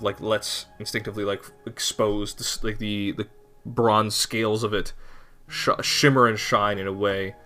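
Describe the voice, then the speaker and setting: A male game master narrating a tabletop game with a low, crisp, bright tone. He describes the scene loosely, correcting himself as he goes, with faint music underneath. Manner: loose, searching narration with fillers.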